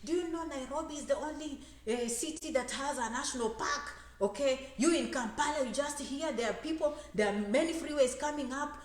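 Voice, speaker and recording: A woman with a high voice gives an animated talk about immigration, playing out voices and hammering points home with repetition. Her voice rings through a roomy, echoing space. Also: a little fast, few pauses. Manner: animated, acts out quoted voices, repeats phrases for emphasis. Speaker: immigration advisor and speaker. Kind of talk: lively motivational talk to an audience. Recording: echoey room.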